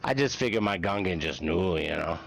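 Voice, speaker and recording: A man's voice: sits low, expressive, fairly quick, gravelly, a little hiss or hum. A man playing a tabletop game, chatting jokily and loosely. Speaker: player. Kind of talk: casual table talk.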